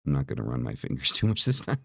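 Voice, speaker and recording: A man's voice: a bass voice, sing-song, racing, vocal fry, no echo, clean studio sound. A middle-aged man hosting a talk show, speaking bluntly and profanely in a heated, repetitive rant. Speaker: podcast host.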